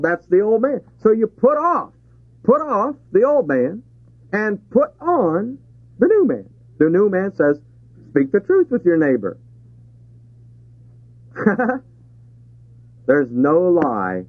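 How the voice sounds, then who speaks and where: A man preaches in a slow, lively way, putting questions to his listeners and chuckling between points. His voice sits a little high for a man. The recording is a dry, thin, phone-like old tape. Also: husky, dry recording. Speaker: pastor. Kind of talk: sermon. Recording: tinny phone-like 1970s tape.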